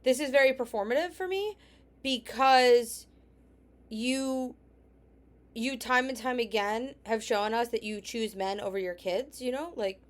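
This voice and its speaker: Sarcastic scolding woman commentator. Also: on the high side. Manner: sarcastic, scolding, drops to near whispers. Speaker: commentary host. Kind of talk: reaction commentary.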